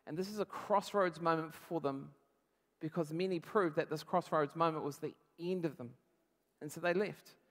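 High-voiced male pastor preaching in a hall. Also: normal speed. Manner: conversational, animated preaching with acted-out quotes. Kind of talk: sermon.

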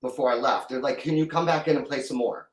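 A man's voice: mid-range voice, far from the mic. Rambling middle-aged man, echoey room. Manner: rambling, halting, with many restarts. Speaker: guest musician. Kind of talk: casual storytelling interview.

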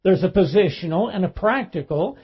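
Southern male pastor, high-pitched, sermon delivery with scripture reading, muffled lo-fi church tape. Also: animated, fairly quick, breathy edge. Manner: preaching, reading scripture aloud with emphasis.

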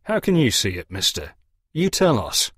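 A man's voice: lowish voice, wildly swooping pitch, normal speed, fairly bright tone, breathy edge, no room sound, full character voice. A man voicing a blunt, wary rural working man who fires off challenging questions. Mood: suspicious.

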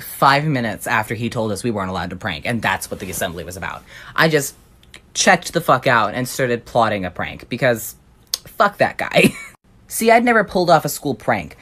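A young adult telling a funny personal anecdote in an animated, sarcastic way, swearing freely. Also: medium pitch, slightly rough. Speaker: storyteller.

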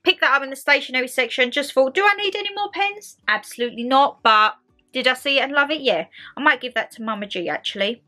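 A woman's voice: sits high, lively intonation, quick pace, pushed and bright. A young woman chatting casually to camera about her haul, calling viewers her lovelies. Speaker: haul vlogger. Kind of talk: casual product haul chat.

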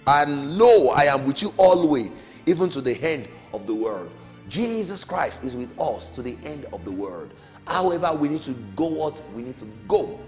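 A middle-aged man teaching a Bible lesson in a high, lively voice that swoops up for emphasis and drops low on each amen. His words ring with a long hall reverb, and faint music plays underneath. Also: moderate pace. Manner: emphatic, rising calls and falling amens. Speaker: Sunday school teacher.

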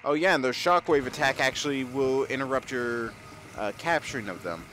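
A young man commenting on his gameplay, excitable and jokey, reacting loudly to what happens. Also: medium pitch, fairly quick, a little hiss or hum. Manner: excitable, jokey, talks over the game. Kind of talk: let's-play commentary.

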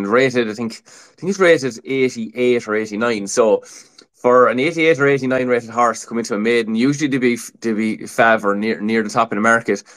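A man's voice: mid-range voice, a bit bright. A man co-hosting a casual horse racing preview, talking through tips with lots of "look" and "um". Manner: chatty, many fillers like "look" and "um". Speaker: racing tipster co-host.

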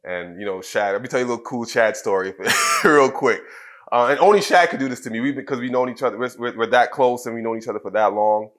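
A middle-aged man from Trinidad, a former wrestler, telling personal stories as an interview guest in a halting, candid way with many fillers and restarts. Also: medium pitch, a bit bright. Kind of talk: casual interview storytelling.

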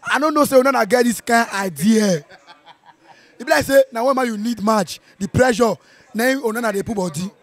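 A Nigerian man with a strained voice from shouting, reacting to a football match in an animated, playful way, slipping into Pidgin. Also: very high-pitched, fairly quick. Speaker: football fan. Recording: outdoor viewing center.

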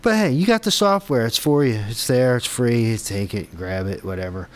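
An expressive, mid-range male voice at normal speed belongs to an app developer vlogger. He tests his own app on camera in a casual screen-recorded tech vlog, talking to himself while debugging, muttering and rambling with frustrated, self-deprecating asides.

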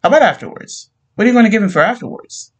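A man's voice: high-pitched, lively intonation, rapid-fire, breathy edge, voice pushed up. Friendly shop grocer, middle-aged, helpful and plain-spoken, read by a male narrator.

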